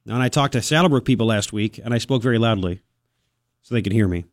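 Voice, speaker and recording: A man hosting a talk radio show, opinionated and sarcastic, with quick asides. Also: on the low side, no echo, clean studio sound. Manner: brash, sarcastic, rapid asides. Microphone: studio microphone.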